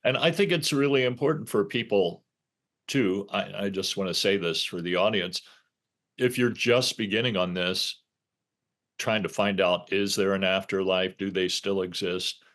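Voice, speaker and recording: A male podcast host with a fairly low voice speaks in an easy, conversational tone. He turns to the audience to give sincere, practical advice. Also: moderate pace, a bit bright. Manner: earnest, giving advice to listeners. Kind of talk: casual chat.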